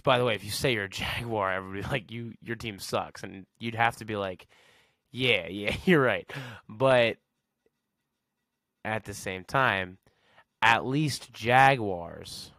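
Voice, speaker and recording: A man's voice: lowish voice, gravelly, pushed and bright, dry recording, clean studio sound. A man hosting a podcast, rambling sarcastically in a casual solo rant and chuckling at his own jokes. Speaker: podcast host.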